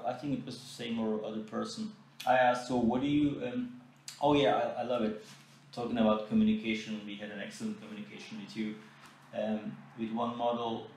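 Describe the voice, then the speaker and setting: Man, podcast host, animated and indignant storytelling, very roomy echo, sits back from the mic. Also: medium pitch, a little hiss or hum. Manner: animated, indignant, mimics quoted exchanges. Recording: echoey room, mic at a distance.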